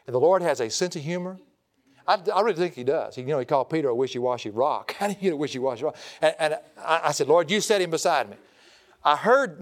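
A middle-aged man preaching, telling a folksy, animated story to an audience. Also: fairly high pitch. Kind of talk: humorous sermon storytelling.

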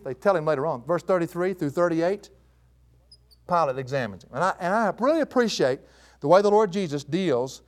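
A man giving a verse-by-verse Bible teaching, emphatic and animated, with chuckling asides. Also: high voice.

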